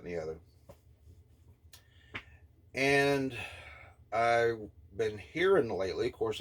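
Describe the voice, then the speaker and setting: A man in his fifties giving an indignant, scornful opinion rant, blunt and halting, with many filler pauses. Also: lowish voice. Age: 50s. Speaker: vlogger.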